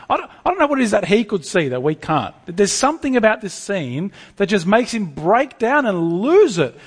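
A man preaching a sermon to a congregation, lively and animated, often stumbling over restarts. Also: sits high, normal speed, few pauses, breathy edge, long reverb tail.

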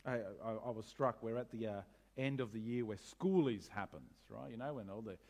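A man preaching a sermon as pastor, animated, asking rhetorical questions with wry humor. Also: medium pitch, fairly quick.

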